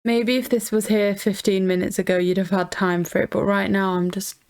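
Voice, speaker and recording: A woman's voice: mid-range voice, fairly even intonation, moderate pace, a little mellow, smooth. A woman co-hosting a casual film review chat, wry and dryly critical. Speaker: podcast co-host reviewing a film.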